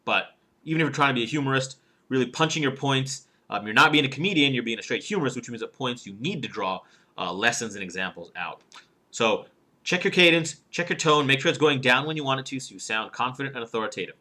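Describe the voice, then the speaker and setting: A man's voice: mid-range voice, expressive, fast, sharp tone. A man giving a casual instructional talk on public speaking, acting out rising and falling intonation as he goes, with filler words between points. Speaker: professional speaker and speaking coach.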